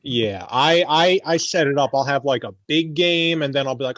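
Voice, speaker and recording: A man's voice: medium pitch, normal speed, a bit bright, no room sound. Easygoing man on a dull-sounding mic. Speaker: podcast guest. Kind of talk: casual podcast chat.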